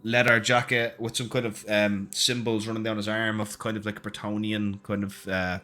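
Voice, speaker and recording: A man's voice: fairly low pitch, little pitch movement, moderate pace, pushed and bright. A man narrating as game master, describing a character with many fillers and hesitations.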